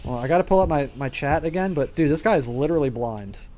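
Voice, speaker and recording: A man's voice: a little high, expressive, fast, a little mellow. A man streaming a game, chatting casually and rambling with lots of filler words. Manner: rambling, filler-heavy chatter with frequent laughs. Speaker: gaming streamer. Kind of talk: casual gaming commentary.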